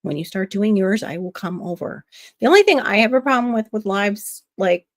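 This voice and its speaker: A woman's voice: medium pitch, no room sound, clean studio sound. A woman from Florida with a noticeably nasal voice hosts a casual livestream. She chats easily and reacts to viewers' comments as she reads them aloud. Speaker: livestream host.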